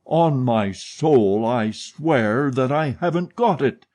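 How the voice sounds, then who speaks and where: A man voicing a frightened opera co-manager in an audiobook, pleading slowly as if about to faint. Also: medium pitch, expressive, darkish tone. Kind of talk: audiobook character reading.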